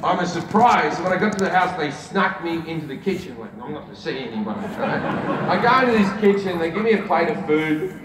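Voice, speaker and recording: Brief: profane male stand-up storyteller, fairly high voice, miked from a distance in a big echoey arena. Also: animated, a little fast. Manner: swearing, conversational storytelling with punchline rhythm. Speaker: stand-up comedian. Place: large indoor arena on stage. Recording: distant, echoey arena with loud crowd laughter. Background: crowd laughter.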